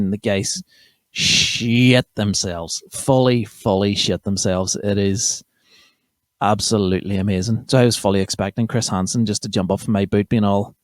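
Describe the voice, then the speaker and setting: Speaking at a normal speed with a steady tone, this young podcast host has a voice on the low side and a Northern Irish accent from County Armagh. His casual comedy monologue is a rambling, sweary chat full of self-interruptions, captured dry and clean in a studio.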